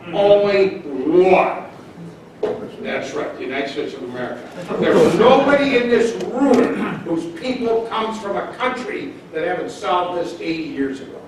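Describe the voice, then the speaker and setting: A man's voice: high-pitched, big pitch swings, moderate pace, background noise. An older man from Minnesota, a public defender giving a blunt, folksy talk to an audience in a hotel function room. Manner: folksy, blunt storyteller with punchy asides. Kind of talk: lecture to a live audience. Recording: echoey room, speaker far from mic.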